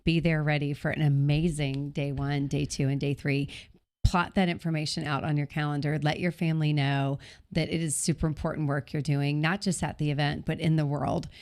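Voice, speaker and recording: Woman with a low voice hosting a live q&a, super upbeat, pumping people up. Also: flat delivery, fairly quick, a little mellow. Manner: enthusiastic, upbeat, coaching tone. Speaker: host and event organizer. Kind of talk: live online Q&A, motivational pitch.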